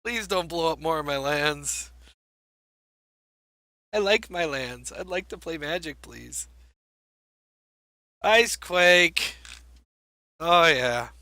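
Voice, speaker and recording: Young guy talking through his card game, slow and dry, kinda high bright voice, jokes at his own expense. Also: no echo. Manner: wry, self-mocking, thinks aloud. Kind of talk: gameplay commentary.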